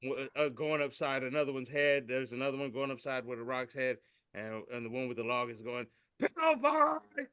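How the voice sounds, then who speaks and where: A man's voice: medium pitch, level tone, brisk, fairly bright tone, clean tone, no room sound, studio quality. A man co-hosting a podcast, reading memes aloud in casual chat and tripping over his words with a giggle. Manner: stumbling, giggly reading with tongue slips. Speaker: podcast co-host.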